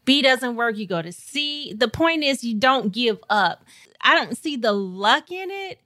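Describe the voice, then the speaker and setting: Woman, podcast guest, bright voice, higher pitch, animated storyteller, dry close sound. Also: measured pace, no echo. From St. Louis, Missouri. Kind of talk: casual storytelling.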